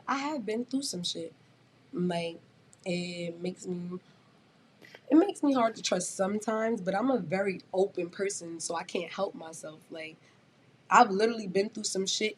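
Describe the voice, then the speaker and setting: A woman's voice: lowish voice, normal speed, a little hiss or hum. A woman in her twenties talking in a casual podcast chat, blunt and emphatic, swearing freely. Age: 20s. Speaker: guest rapper.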